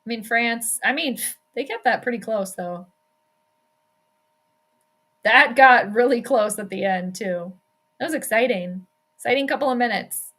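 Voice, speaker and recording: Reacting aloud and chatting as she watches games, a young female sports streamer provides casual play-by-play of her own. Her somewhat high, slightly bright voice moves a little slowly, with long pauses.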